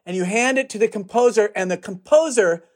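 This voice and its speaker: High-voiced man, joking and explanatory. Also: a little fast. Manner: joking, builds long comparisons. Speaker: guest film director. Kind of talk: conversational explanation.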